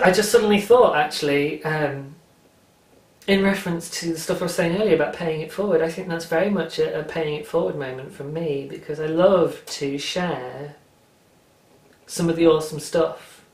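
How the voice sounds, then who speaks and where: A British man hosting a craft podcast in casual, enthusiastic chat, with frequent ums. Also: fairly high pitch. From Britain. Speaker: podcast host. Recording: roomy echo.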